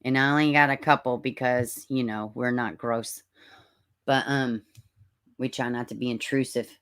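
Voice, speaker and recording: Southern woman, low voice, chatty livestream host who calls viewers honey. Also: fairly even intonation, normal speed, fairly bright tone, clear, resonant tone. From Middle Tennessee, US. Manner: chatty, drawling, greets viewers as honey and baby. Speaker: true-crime livestream host. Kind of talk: casual livestream chat reading comments.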